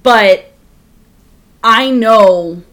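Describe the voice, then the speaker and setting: A woman's voice: a little high, extremely slow, fairly bright tone. A woman co-hosting a podcast in frank, casual chat, swearing freely and leaning on lots of fillers. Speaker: podcast co-host.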